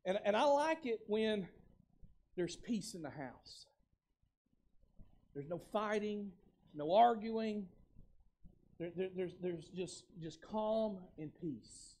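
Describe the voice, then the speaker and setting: A man pastor preaching a sermon, moving between loud exhortation and quiet casual asides, repeating words and calling the congregation to respond. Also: sits high, animated, takes it slowly, pauses often. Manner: uses casual everyday speech.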